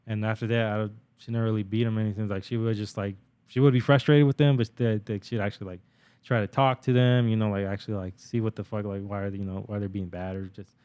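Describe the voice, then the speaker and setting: A man's voice: fairly low pitch, flat delivery, fast talker, darkish tone, clear, resonant tone. A young man co-hosting a podcast, telling stories in a rambling, profane casual chat with many fillers. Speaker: podcast co-host.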